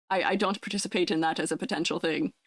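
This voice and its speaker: A woman's voice: fairly even intonation, a little fast, no echo. Young woman vtuber, sounds way younger than she is, bubbly and giggly, dry close mic. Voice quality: youthful-sounding high voice. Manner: bubbly, giggly, chats with viewers. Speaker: VTuber streamer. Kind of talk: casual live-stream chat.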